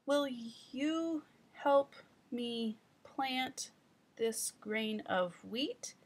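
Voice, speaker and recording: A woman doing a halting young girl reader. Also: a little high, pitched above the performer's own voice. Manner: slow, sounding out words with stops and restarts. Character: young girl reading aloud, halting and stumbling.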